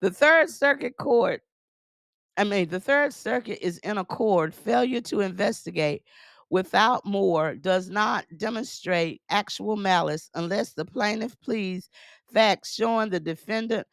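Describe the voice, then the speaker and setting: A woman's voice: mid-range voice, measured pace, vocal fry, dry recording, clean studio sound. A woman news commentator reading aloud from a court order and breaking in with emphatic remarks, repeating phrases as she goes.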